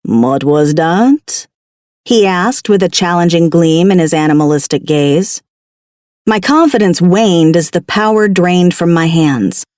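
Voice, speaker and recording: A woman narrating a paranormal romance audiobook in the first person, with a wry, expressive delivery. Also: fairly low pitch, measured pace, no room sound, clean studio sound.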